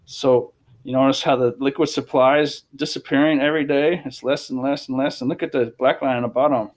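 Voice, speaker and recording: A man's voice: medium pitch, fairly even intonation, fairly quick. A man giving casual, emphatic commentary over charts, repeating phrases and restarting sentences. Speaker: crypto commentator.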